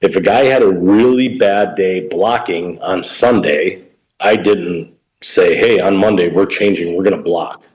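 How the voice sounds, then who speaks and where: Middle-aged guy coaching talk, real low voice, just chatting on a podcast. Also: a little slow, a little mellow, rough recording. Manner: storytelling, plain-spoken, coaching talk. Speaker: pro baseball coach, guest. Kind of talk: casual interview talk.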